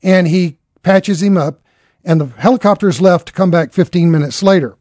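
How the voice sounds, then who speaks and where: A man's voice: sits high, moderate pace, a little mellow, no room sound, clean studio sound. A man telling a dramatic story in an earnest way, acting out the characters' lines as he goes.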